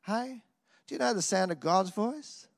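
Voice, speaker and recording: A man preaching a sermon in an animated way, swinging from loud exclamations to quiet asides and often tossing in a "hey?". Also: sits high, measured pace, creaky.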